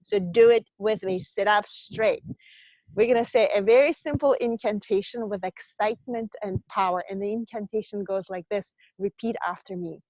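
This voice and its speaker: A woman leading an online business training, energetic and coaching, guiding breathing and chanted affirmations. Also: medium pitch, normal speed, hardly any pauses, no room sound.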